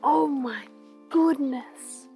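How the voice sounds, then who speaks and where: A woman's voice: high voice, very slow, creaky, faint music behind, heavily acted. Woman voicing an astonished camping dad. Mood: amazed. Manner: loud, astonished exclaiming. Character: amazed dad on a camping trip.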